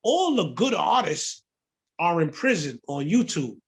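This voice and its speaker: A man from the Bronx, a music producer telling stories in a casual interview, profane, animated and full of slang. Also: on the high side, measured pace. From the Bronx, New York.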